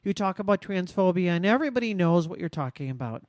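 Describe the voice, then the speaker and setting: Woman podcast co-host, earnest and reflective, very expressive intonation, dry close sound. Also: on the low side, no room sound. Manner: reflective storytelling, measured and earnest. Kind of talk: casual podcast conversation.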